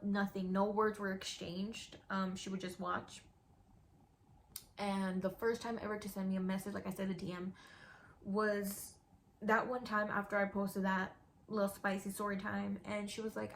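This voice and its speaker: A woman's voice: mid-range voice, flat delivery, moderate pace, gravelly, a little hiss or hum. A young woman and YouTuber telling a storytime in a casual, candid way, dropping "like" and "girl" often. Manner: chatty, candid, with frequent "like" and "girl".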